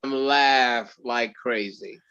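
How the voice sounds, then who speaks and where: A man telling stories in an interview, animated and acting out the dialogue he quotes. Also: medium pitch, slow, clean tone, muffled recording. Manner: animated storyteller who acts out quoted dialogue. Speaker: actor guest. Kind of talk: storytelling in an interview.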